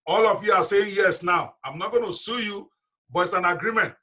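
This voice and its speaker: A man's voice: sits high, fairly quick, sharp tone. A man leading a live online business seminar, talking directly and emphatically to his audience over a video call.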